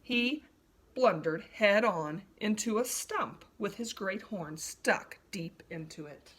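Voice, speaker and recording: A woman reading a children's story aloud in an expressive, animated way. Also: medium pitch, takes it slowly.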